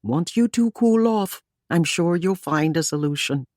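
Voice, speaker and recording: A woman's voice: lowish voice, animated, measured pace, darkish tone, no echo, studio quality, pitched above the performer's own voice. Woman doing a lilting Irish producer lady. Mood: calm.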